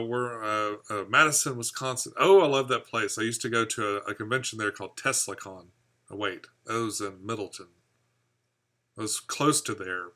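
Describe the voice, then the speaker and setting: A man with a medium-pitched, bright, forceful voice hosts a live stream for his fishkeeping channel. He reads viewer comments aloud and chats in a rambling, easygoing way, laughing at his own jokes.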